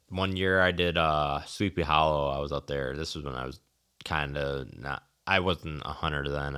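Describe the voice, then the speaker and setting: A man's voice: very deep voice, bright, forceful tone, smooth. A man co-hosting a podcast, chatting casually and swearing freely. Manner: laid-back, swears, acts out his own reactions. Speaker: podcast co-host.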